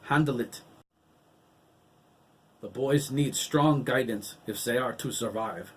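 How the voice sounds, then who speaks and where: A man's voice: medium pitch, slow, breathy edge. Stern German-accented mystic woman, put on by a man.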